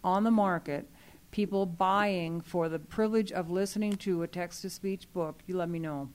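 A woman with a fairly low voice speaks to a group in a meeting. She is earnest and explanatory, and her talk is full of fillers and restarts. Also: steady tone, normal speed. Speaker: library program staff speaking to a user group. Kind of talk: meeting discussion.

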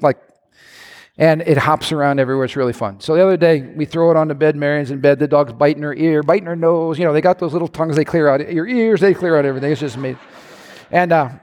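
A man preaching a sermon in an animated way, his voice climbing to near-shouts. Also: a little high. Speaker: pastor.

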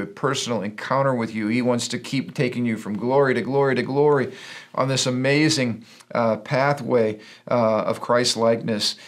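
A middle-aged man, a pastor and podcast co-host, talking in an earnest, preachy storytelling way. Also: medium pitch. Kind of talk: casual Christian podcast talk.

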